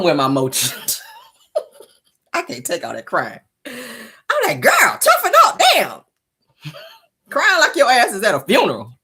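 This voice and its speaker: A woman's voice: mid-range voice, husky. A woman hosting a celebrity gossip show from her car, talking casually, teasing and profane, laughing often.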